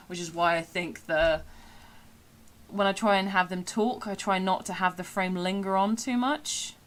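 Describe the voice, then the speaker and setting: Woman with a Somerset accent, chatty streamer, bright tone sitting slightly low in pitch. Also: slight background noise. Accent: Somerset English. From England. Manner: chatty and rambling, with frequent fillers and laughs. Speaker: streamer and voice actor. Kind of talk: casual live-stream chat.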